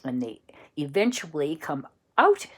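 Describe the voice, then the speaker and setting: A woman telling an improvised bedtime story, slow and searching for words as she goes. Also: deep voice, sing-song.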